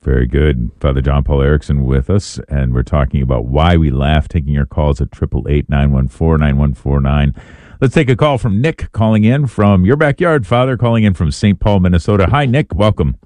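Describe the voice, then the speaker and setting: Very deep-voiced radio host. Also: male voice, normal speed, mellow, no echo. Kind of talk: call-in radio hosting.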